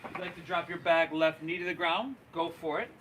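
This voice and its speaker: A man guiding a live yoga class, cueing poses and breaths in an encouraging, relaxed and folksy way. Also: a little high, brisk, slight background noise. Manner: relaxed, folksy, says y'all. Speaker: yoga instructor.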